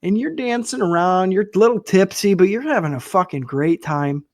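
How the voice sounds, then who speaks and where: A man's voice: sits high, lively intonation, moderate pace, dry recording. Wry man spinning profane metaphors. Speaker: podcast co-host. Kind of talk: casual wrestling review chat.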